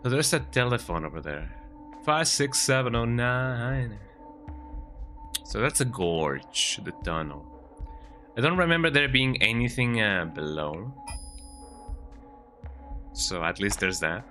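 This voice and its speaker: A man's voice: medium pitch, takes it slowly, long pauses, faint music behind. A man streaming a video game, talking casually to viewers as he plays and often ending sentences with "eh?". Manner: chatty, lively, tags sentences with "eh?". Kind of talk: casual gameplay commentary. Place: home, with a cat on his lap.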